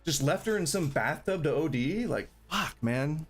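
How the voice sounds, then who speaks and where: Lively ranting man with profanity. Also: on the high side, normal speed, husky, faint music behind. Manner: ranting, profane, rambling with restarts. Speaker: podcast host. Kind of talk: livestream commentary.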